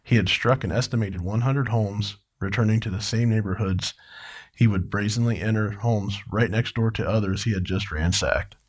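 A man's voice: on the low side, moderate pace. A man co-hosting a true crime podcast, reading parts of a case and asking his co-host questions about it. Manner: questioning, conversational. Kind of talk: true crime narration and discussion.

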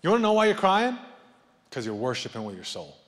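Preacher in an echoing church hall. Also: male voice, fairly high pitch, fast talker. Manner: animated preaching, rising loud then dropping soft, joking asides. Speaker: pastor. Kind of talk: sermon. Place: church sanctuary. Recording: long reverb of a church hall.

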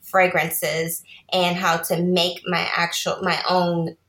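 A woman's voice: fairly low pitch, monotone, slow pace, a bit bright. Chatty woman guest in a roomy space. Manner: chatty, laughs often, explains at length. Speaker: podcast guest, small business owner. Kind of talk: casual interview talk. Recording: roomy echo.

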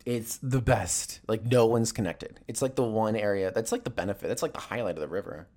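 A man's voice: lowish voice, fairly quick. A man ranting casually and comedically, rambling and swearing as he tells stories. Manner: rambling, profane, animated storytelling.

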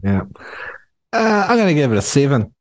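A man's voice: on the high side, very animated, normal speed, dry recording. A man co-hosting a casual film review chat, blunt and sweary. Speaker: podcast co-host.

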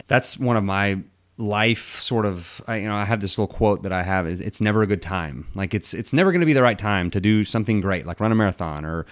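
Male podcast host, lowish voice, halting and informal, reads quotes aloud. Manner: halting, with many restarts, then reading quotes aloud. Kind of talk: casual podcast interview.

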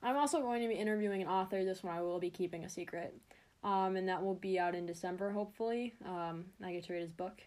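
Quick-paced and darkish in tone, this mid-range female voice belongs to a young sports podcast host. Talking on her own, she chats in a rambling way and keeps interrupting herself.

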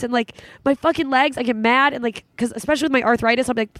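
Tearful yet laughing often, a young podcast host talks fast, candidly and emotionally, with plenty of swearing in a casual chat. Her fairly high voice is steady and a bit bright, recorded dry on a studio microphone.

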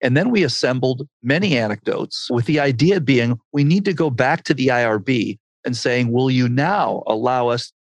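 Older male researcher, gravelly, dry close sound, animated storyteller voicing quotes. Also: mid-range voice, normal speed, hardly any pauses, dry recording. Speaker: medical researcher guest. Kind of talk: storytelling interview answer.

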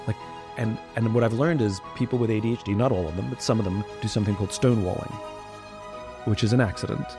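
A man's voice: on the low side, quick pace, over music. Reflective man talking candidly. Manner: reflective, blunt, animated when quoting others. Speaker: podcast guest. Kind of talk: candid conversational talk.

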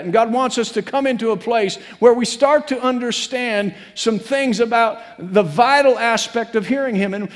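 A man preaching a sermon as pastor, earnest and repetitive, building to emphatic peaks. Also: very high-pitched. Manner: earnest, repeats phrases, rises to emphatic peaks. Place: church sanctuary. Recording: long reverb of a church hall.

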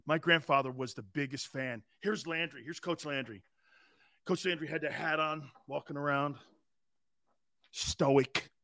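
Loud, gravelly, high-pitched sports host. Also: male voice, fairly even intonation, unhurried, no echo. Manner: loud, rambling storyteller with frequent laughs. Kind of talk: animated sports talk.

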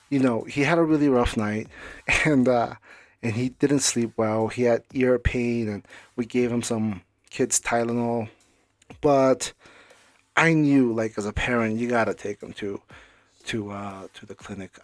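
A man's voice: medium pitch, no echo. A man in his thirties hosting his own podcast from home, talking casually and rambling with fillers and restarts while he has a cold and a cough. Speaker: podcast host. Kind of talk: casual solo podcast talk.

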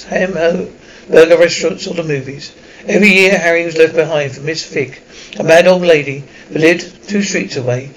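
A man's voice: on the high side, low-quality recording. A man narrating an audiobook chapter, stumbling often and correcting himself mid-word. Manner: stumbling, frequent self-corrections. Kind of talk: audiobook reading.

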